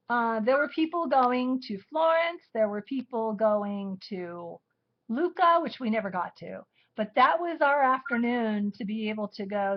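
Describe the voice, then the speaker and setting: A woman with a high voice rambles cheerfully about her trip, laughing between thoughts and restarting sentences. The sound is dull and muffled, like an early live stream. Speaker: co-host of a live crafting show. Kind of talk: casual storytelling chat.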